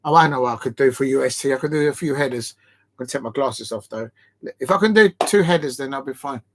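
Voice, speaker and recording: A man's voice: medium pitch, fast talker, background noise. A man chatting on a live football watch-along stream. He rambles, laughs, and sounds tired and short of breath. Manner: chatty and rambling, laughing between tries at headers.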